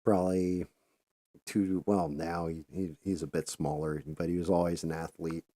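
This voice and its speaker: His voice is very low and dark, flat in delivery and at normal speed, captured dry and close with no surrounding room. This middle-aged podcast host rambles through a story in a casual monologue, swearing and restarting his sentences.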